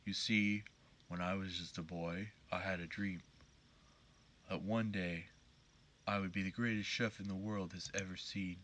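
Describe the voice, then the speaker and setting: A man's voice: deep voice, steady tone, a little slow, long pauses, fairly bright tone, a little hiss or hum. A man reading the lines of an earnest, sentimental older male chef from a dating game, with a solemn, heartfelt delivery. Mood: dreamy. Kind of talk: reading game dialogue aloud.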